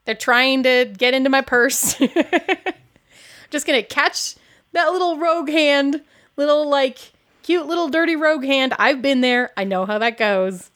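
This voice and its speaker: A woman's voice: high-pitched, measured pace, a bit bright. A woman playing in a tabletop role-playing game, playful and giggly, laughing often between lines. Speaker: player. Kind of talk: casual tabletop role-play banter.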